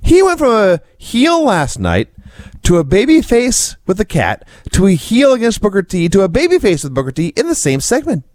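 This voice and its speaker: A man's voice: high voice, huge pitch swings, moderate pace, a little mellow, no room sound, clean studio sound. A man co-hosting a casual podcast, recapping events with wry sarcasm. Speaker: co-host.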